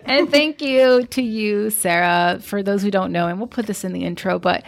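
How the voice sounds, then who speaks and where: A woman's voice: mid-range voice, normal speed, gravelly. A woman hosting her podcast, talking in a chatty, effusive way with lots of filler words. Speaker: podcast host. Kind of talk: casual podcast chat.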